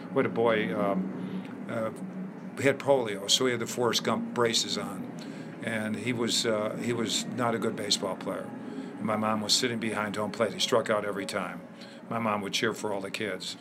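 An older man from Chicago, a guest in an interview, telling lively anecdotes with many fillers. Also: lowish voice, background noise. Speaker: interview guest, former ballplayer. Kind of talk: storytelling in a conversation.

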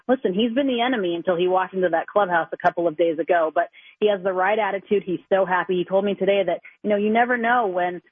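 A woman's voice: on the low side, husky, no room sound. A woman sports reporter calling in to a radio interview, chatty and enthusiastic, heard over the telephone. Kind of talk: phone-in interview. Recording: tinny phone line.

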